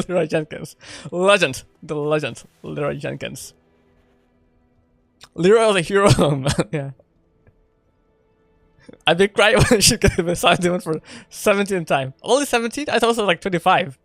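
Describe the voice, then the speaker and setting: A playful man chats casually with his viewers while he plays a game, often breaking into laughter. His voice sits a little high for a man, and the sound is close and dry with no room behind it. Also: normal speed, vocal fry, pauses often, fairly bright tone, dry recording, soft background music. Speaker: streamer. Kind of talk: casual live gameplay chat.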